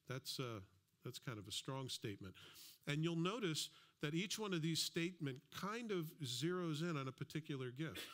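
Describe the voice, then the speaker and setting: Man, pastor, sermon, conversational, slightly high voice, acts out small dialogues. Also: fairly bright tone. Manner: conversational, plays out little imagined dialogues; slows down to read scripture aloud.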